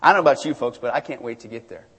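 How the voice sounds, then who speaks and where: A pastor preaching a sermon in an animated, joking way, repeating phrases for emphasis. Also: male voice, mid-range voice, rapid-fire, breathy edge, in a large hall.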